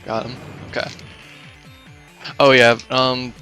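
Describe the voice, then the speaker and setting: A man's voice: medium pitch, level tone, takes it slowly, bright, forceful tone, soft background music. A man giving casual live commentary on his own speedrun, explaining game mechanics with many fillers and restarts.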